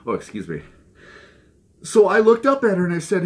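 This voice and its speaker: A man hosting a vinyl record channel, telling mock news jokes and chatting about his finds, laughing at his own gags. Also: moderate pace. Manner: goofy, laughs at his own jokes, lively pitch swings. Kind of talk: casual joking news segment and haul chat.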